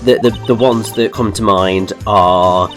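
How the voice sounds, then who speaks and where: A man's voice: lowish voice, steady tone, a little slow. A man from the English Midlands co-hosting a game playthrough, chatty and explanatory, drifting into side topics, with game music behind. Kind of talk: casual chat.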